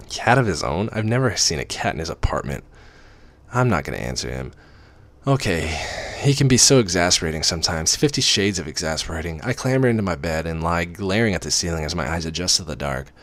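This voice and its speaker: A man reading a first-person romance story aloud with animated, dramatic emphasis. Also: sits low, fairly quick, no room sound. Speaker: reader.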